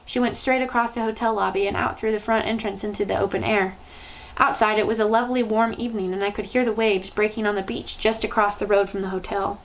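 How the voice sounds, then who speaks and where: A woman storyteller reading a children's novel aloud in an expressive, lively way. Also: medium pitch, quick pace, low-quality recording.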